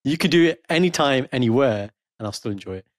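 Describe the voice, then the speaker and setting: Male podcast co-host, brisk and teasing, on a dry close mic. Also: medium pitch, no echo. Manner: teasing, animated storyteller, playful put-on quotes. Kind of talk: casual chat.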